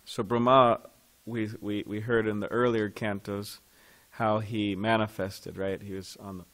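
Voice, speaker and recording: A man's voice: lowish voice, flat delivery, unhurried, fairly bright tone. A man teaching a devotional scripture class in a temple, talking in a loose conversational way and putting questions to his listeners.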